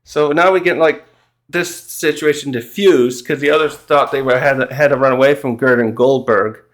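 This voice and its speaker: A man recapping a manga chapter in casual chat, rambling and halting, often laughing and acting out the characters' lines. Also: mid-range voice, fairly even intonation. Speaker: manga reviewer.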